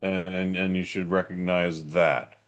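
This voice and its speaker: A man's voice: deep voice, little pitch movement, unhurried. A middle-aged man co-hosting a podcast in laid-back, joking banter. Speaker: podcast co-host. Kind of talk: casual chat.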